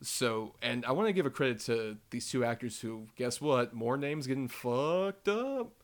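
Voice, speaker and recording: A man co-hosting a casual film podcast, chatty and quick with joking asides. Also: medium pitch, lively intonation. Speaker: podcast co-host.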